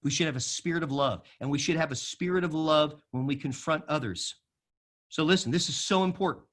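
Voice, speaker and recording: A man giving a sermon-style talk to a live audience, emphatic, at times dropping to a soft low voice and leading the audience in repeating phrases. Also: fairly quick. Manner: emphatic, varies loudness widely, drops to a soft low voice for quoted lines. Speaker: speaker at a school of music forum.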